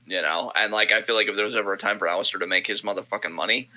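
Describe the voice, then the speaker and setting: A man's voice: lowish voice, steady tone, very fast, pushed and bright, slight background noise, poor audio. A man co-hosting a wrestling podcast in casual chat, emphatic and profane, repeating phrases for punch.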